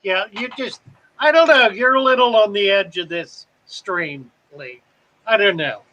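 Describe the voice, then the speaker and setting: A man from South Carolina hosts a live stream in a relaxed drawl. His voice sits high and bright, and he talks slowly while chatting through viewer comments. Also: lo-fi sound. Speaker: host of a live fish-keeping stream. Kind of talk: casual live-stream chat reading comments.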